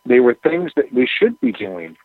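A man, a musician guest, telling rambling anecdotes in a relaxed, casual interview with plenty of fillers. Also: medium pitch, normal speed, vocal fry, breathy edge, no room sound. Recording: tinny phone line.

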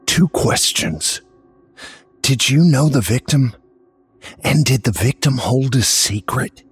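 A man's voice: mid-range voice, measured pace, breathy edge, soft background music. A man doing a secretive paramedic. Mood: whispering. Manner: hushed, confiding. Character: nervous adult male paramedic, secretive.

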